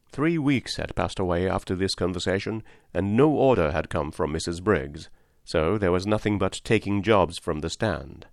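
Male narrator for a classic novel, lowish voice, measured, dry close mic. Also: animated, no echo. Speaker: audiobook narrator. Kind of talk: scripted narration.

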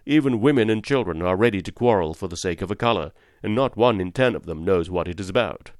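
A principled cab driver and father with a low, grave voice, firm and moralizing, as a male reader voices him. The sound is close and dry. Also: lively intonation, quick pace, darkish tone, no room sound.

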